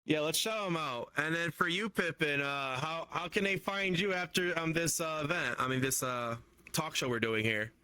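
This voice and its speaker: A man co-hosting a casual livestream talk show, excitable and stumbling over restarts. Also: on the high side, normal speed, clear, resonant tone, no room sound. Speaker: co-host.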